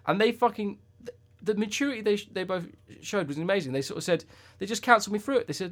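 A man's voice: high voice, quick pace, hardly any pauses, a bit bright. A man co-hosting a podcast, telling a long personal story in casual chat and swearing freely. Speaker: podcast co-host.

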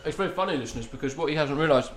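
A man's voice: a little high, rapid-fire. A man who co-hosts a podcast. He talks casually and teases his co-host, sometimes mumbling while he eats and breaking into laughter. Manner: teasing, mumbling while eating, bursts of laughter. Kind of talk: casual chat. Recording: echoey room with faint hiss.

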